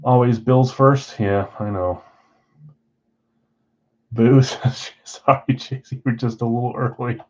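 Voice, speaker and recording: A man's voice: medium pitch, steady tone, takes it slowly, pauses often, muffled recording. A man hosting a live card break from a card shop, chatting casually while rattling off names and teams.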